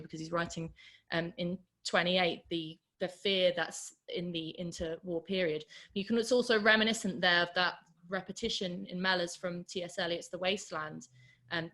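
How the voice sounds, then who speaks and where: A woman's voice: fairly low pitch, fairly bright tone. A woman lecturing on a novel, talking in a discursive way with many ums and you-knows. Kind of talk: literature lecture with read-aloud quotes. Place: online talk.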